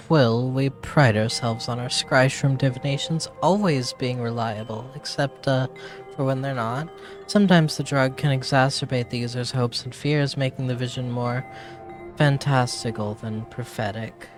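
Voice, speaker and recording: A man's voice: medium pitch, a little slow, faint music behind, natural voice. Alwyn, a man voicing a flustered woman mayor. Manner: polite, fretful, rambling. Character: flustered woman village mayor, nervous and rambling.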